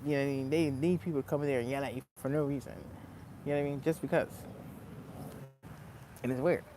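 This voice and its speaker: A man's voice: mid-range voice, fast talker, background noise. A man telling a story in a casual, profane rant as a vlogger, breaking into laughs. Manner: animated, profane, laughs between lines.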